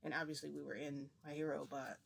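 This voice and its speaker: An adult vlogger telling a story in casual chat, rambling and excitable with many fillers and restarts. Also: mid-range voice, fast, vocal fry, slight background noise. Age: adult, parent.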